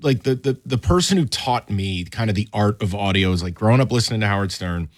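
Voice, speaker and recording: A man's voice: fairly low pitch, expressive, fast, no echo, clean studio sound. A man hosting a radio talk show, telling stories in a casual, conversational way.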